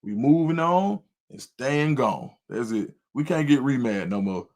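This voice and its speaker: Animated middle-aged man telling a story. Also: unhurried. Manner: animated storyteller, jumps to high loud voice when quoting himself. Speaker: volunteer youth football coach and show host. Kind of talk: casual livestream storytelling.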